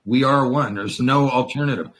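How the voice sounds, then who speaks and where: A man's voice: medium pitch, normal speed, fairly bright tone, slight background noise. A man who is a veteran, talking in a rambling, profane and emotional way in a casual chat. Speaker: veteran in a conversation.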